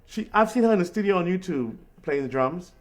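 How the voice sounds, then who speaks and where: Rambling, animated man telling street stories. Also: high voice, brisk. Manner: rambling, animated, repeats "you know what I mean". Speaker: host and street musician. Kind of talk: casual storytelling chat on a call.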